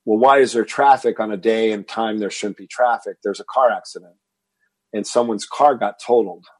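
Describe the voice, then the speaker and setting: Husky fifty-something guy from texas, dry close sound, tells his story with lots of stumbles. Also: lowish voice, moderate pace, dry recording. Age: 50s. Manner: animated storyteller, repeats words when excited. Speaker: guest, fitness entrepreneur. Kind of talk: interview storytelling.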